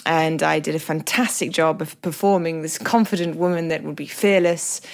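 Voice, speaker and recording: A woman with an English accent talks alone into her podcast, candid and reflective, poking fun at herself as she goes. Her voice sits a little lower than most women's. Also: fairly even intonation, normal speed, creaky. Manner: reflective, candid, self-deprecating humour. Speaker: podcast host. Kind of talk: solo podcast monologue.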